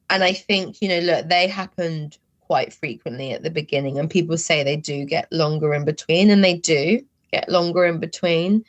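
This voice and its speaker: A woman with a slightly low voice, talking candidly as a guest in a conversational interview. She speaks in a halting, emotional way and uses a lot of filler words as she gathers her thoughts. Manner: emotional, halting, heavy use of "like".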